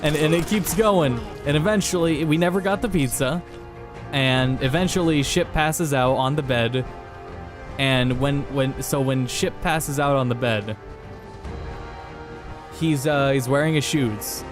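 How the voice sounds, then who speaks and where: A man's voice: fairly high pitch, measured pace, over music. A young man casually telling a rambling story while playing a game, with many fillers and restarts. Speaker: podcast host playing a game.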